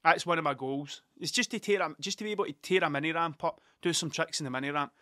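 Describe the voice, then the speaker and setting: A man in his thirties from Scotland, working as a vlogger, rambles casually through his stories with lots of swearing, tangents and self-interruptions. His voice is a little high, quick and sharp. The recording is dry, with clean studio sound.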